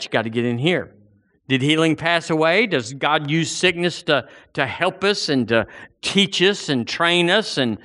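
A preacher man delivers a fervent sermon. His voice sits a bit high with lively, swooping pitch and a bright, forceful tone. He hammers his points and pushes up toward near-shouts. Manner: impassioned, emphatic, rising to near-shouts.

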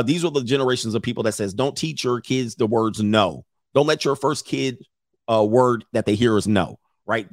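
Reading an article out loud, a middle-aged man with a medium-pitched voice offers casual commentary full of swearing, laughing often along the way. His manner is blunt and animated, and he keeps swinging into mocking impersonations. The sound is clean studio audio without echo.

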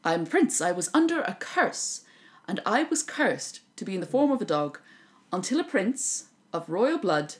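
A woman's voice: medium pitch, sing-song, normal speed, lightly acted. An Irish woman voicing a clever talking dog who is really a cursed young prince, in a storytelling podcast. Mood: earnest.

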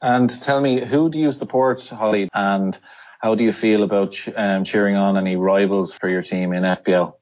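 A man hosts a casual podcast in a jokey, friendly tone. His voice is on the low side, and the recording sounds somewhat dull and lo-fi. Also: fairly even intonation, moderate pace, darkish tone. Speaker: podcast host.

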